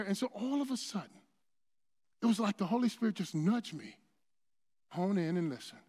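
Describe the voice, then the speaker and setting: A man with a very high voice preaches in a church, telling a story casually with restarts and rising to shouts. His voice rings out with a long hall reverb behind it. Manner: builds to shouting crescendos; conversational storytelling with many restarts. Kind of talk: storytelling sermon. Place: church sanctuary.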